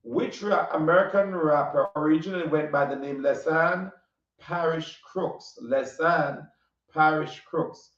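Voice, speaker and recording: A man with a Caribbean accent hosting a casual interview, animated, often laughing and repeating his questions. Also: fairly high pitch, a little slow. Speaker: interview host. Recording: distant, roomy, dull audio.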